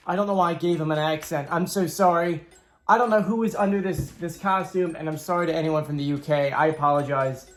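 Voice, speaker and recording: On his own channel, a man whose voice is on the high side walks viewers through a game board he made, speaking a little fast. He stays casual and upbeat, wandering into rambling asides, with faint music in the background.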